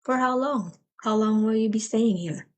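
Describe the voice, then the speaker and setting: A woman teaching a live language lesson, explaining patiently and repeating each phrase slowly. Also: a little high, a little mellow.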